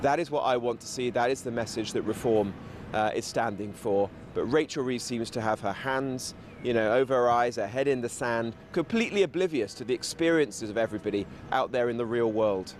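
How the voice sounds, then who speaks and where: A man appearing as a political guest on a talk show, arguing in a steady campaigning tone and listing his points one after another. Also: mid-range voice, brisk, slight background noise.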